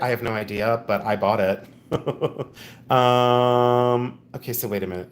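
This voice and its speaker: A middle-aged man hosting a casual livestream from home, chatty and playful, reading viewer comments aloud. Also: medium pitch. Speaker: livestream host.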